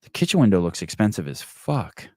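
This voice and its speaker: A middle-aged man with a lowish voice tells a story as a podcast host, swearing freely and getting animated. His voice sounds close and dry, with no room around it. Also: fairly quick, no echo. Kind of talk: casual storytelling and reading comments.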